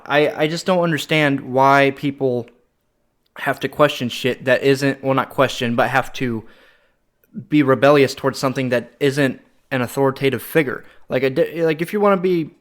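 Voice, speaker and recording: A young American man ranting on a casual podcast, swearing freely as he talks. His voice sits in a middle register. His ranting breaks into loud, animated outbursts. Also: medium pitch. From United States. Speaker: podcast co-host. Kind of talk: casual chat.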